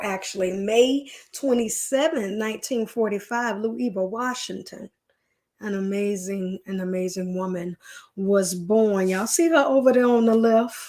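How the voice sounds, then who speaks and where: Chatty woman hosting a live stream. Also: on the high side. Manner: chatty, folksy, addresses viewers as y'all. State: leg pain. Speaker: host. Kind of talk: casual live-stream chat.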